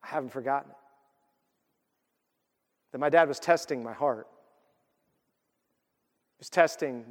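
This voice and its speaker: A man's voice: mid-range voice, measured pace, pauses often. Man preaching in a big echoing hall. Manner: storytelling, swings from loud excitement to hushed emotion. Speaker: pastor. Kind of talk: sermon.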